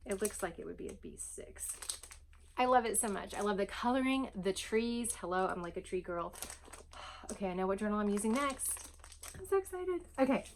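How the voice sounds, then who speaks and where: A woman chatting casually as she unboxes a gift at home, gushing, breathy and often dropping to soft whispers. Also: mid-range voice, brisk, a little hiss or hum. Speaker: vlogger unboxing a gift box.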